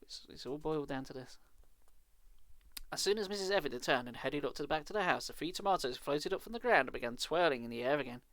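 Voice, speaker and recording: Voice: mid-range voice, lively intonation, fast talker, fairly bright tone, no echo. A streamer reading a children's horror book aloud live, with casual, sarcastic, swearing asides.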